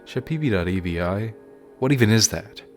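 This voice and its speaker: A man voicing a panicky, foul-mouthed young boy who yells in a raised voice. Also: animated, normal speed, faint music behind, natural voice. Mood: indignant. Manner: yelling, high and frantic.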